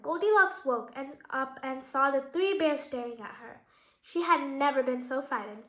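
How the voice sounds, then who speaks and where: A woman with a high voice reads a picture book aloud for children, pausing to chat about the pictures and quiz her listeners. Her voice rings in an echoey room. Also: pushed and bright. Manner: casual, explains the pictures and asks questions. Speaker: children's story reader.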